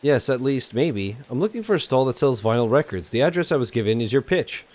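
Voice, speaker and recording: A man's voice: medium pitch, lively intonation, fairly quick, darkish tone, natural voice. A man voicing a young woman protagonist who asks direct questions. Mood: questioning.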